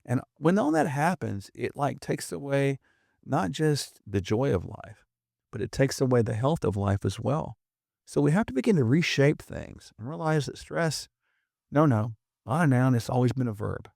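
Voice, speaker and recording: Middle-aged male doctor guest, gravelly and persuasive, mid-pitched, close dry mic. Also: big pitch swings, moderate pace, a little mellow, no room sound. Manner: emphatic, earnest, persuasive. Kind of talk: conversational explaining.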